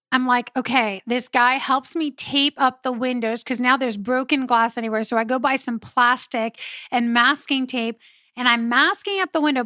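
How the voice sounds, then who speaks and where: A woman hosting a podcast, telling a personal story in a lively, casual way, laughing often and talking straight to her listeners. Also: sits high, no echo, clean studio sound. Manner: animated, laughs often, addresses listeners directly. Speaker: podcast host.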